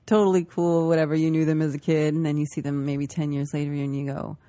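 A woman's voice: deep voice, level tone, quick pace, mellow, no room sound. A woman in casual chat as a podcast co-host, chatty and giggly.

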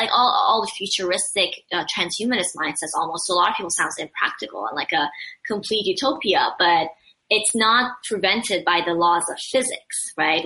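A woman's voice: on the low side, sharp tone, rough recording. A woman speaking earnestly and at length in a casual conversation, with frequent fillers and repeated starts.

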